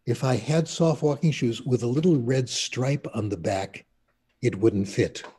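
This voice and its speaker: An older man telling stories in an easygoing interview. His voice is mellow and a little husky. He wanders through anecdotes with asides. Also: mid-range voice, unhurried. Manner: chatty anecdotal storyteller, laughs at himself. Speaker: interview guest, linguist. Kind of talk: casual storytelling.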